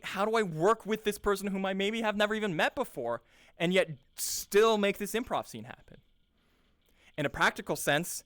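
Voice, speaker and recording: Earnest rambling young man, higher voice. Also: sharp tone, no room sound, clean studio sound. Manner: earnest, enthusiastic, repeats words while searching. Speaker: improv teacher. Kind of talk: casual rambling monologue.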